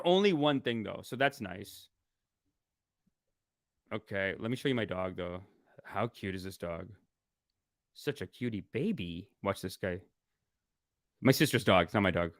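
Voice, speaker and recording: A man chats casually to viewers on a live stream, animated and quick to exclaim, his voice slightly high and swinging widely in pitch. The sound is dry and close, with no room around it. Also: no echo. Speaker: spiritual teacher. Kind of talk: casual livestream chat.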